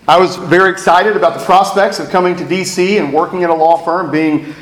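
A man's voice: high-pitched, steady tone, fairly quick. A man, preaching a sermon as pastor with reflective, self-deprecating storytelling. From East Texas. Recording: echoey room.

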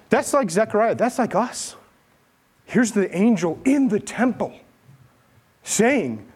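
A man preaching a sermon, telling stories with lively delivery and acting out the quotes. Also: breathy edge. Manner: animated storytelling, acts out quotes with big pitch jumps. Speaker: pastor.

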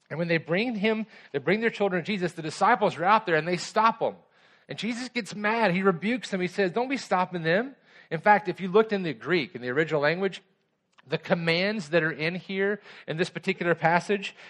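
Man preaching gently to children. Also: fairly high pitch. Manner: gentle, conversational, asks the kids questions. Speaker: pastor. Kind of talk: sermon to children and adults.

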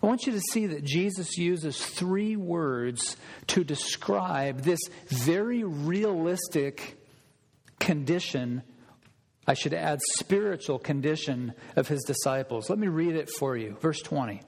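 Male pastor, slightly raised pitch, animated sermon delivery, big reverberant sanctuary. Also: unhurried, slightly rough. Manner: animated, conversational preaching with audience questions.

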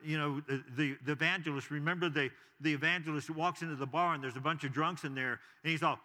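A man's voice: fairly high pitch, fairly even intonation, fast talker, hardly any pauses, pushed and bright, long reverb tail. A man preaching a sermon as pastor, talking conversationally with frequent asides to the congregation.

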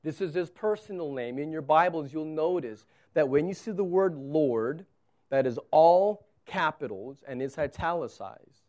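A man's voice: a little high, lively intonation, unhurried, darkish tone. A male pastor preaching a sermon with emphasis, acting out the quotes.

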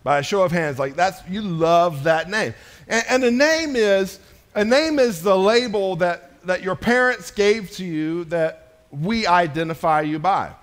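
A man's voice: sits high, lively intonation, a little slow. A middle-aged man preaching a sermon in a casual, joking way, speaking directly to his congregation. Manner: conversational and joking, addressing a congregation. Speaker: pastor.

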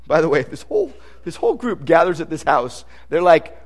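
Male pastor, high voice, conversational and emphatic sermon delivery with scripture readings. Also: wildly swooping pitch, brisk.

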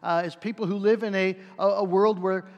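A man with a high voice preaches earnestly to his congregation, measured and steady with many filler pauses. His words ring out with a long reverb in a church sanctuary. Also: dull audio. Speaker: pastor. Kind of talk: sermon with prayer.

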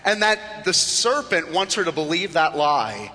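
High, bright-voiced man preaching a sermon. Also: sing-song, unhurried, few pauses. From South Florida. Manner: acts out the serpent's mocking voice in low hushed tones. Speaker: pastor. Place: church sanctuary. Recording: reverberant church hall.

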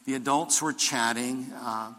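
An older pastor preaches to his congregation, moving from easy storytelling to emphatic preaching. His voice has a bright, forceful edge. It rings out in a large hall with a long reverb tail. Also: mid-range voice, steady tone, a little slow. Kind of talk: sermon.

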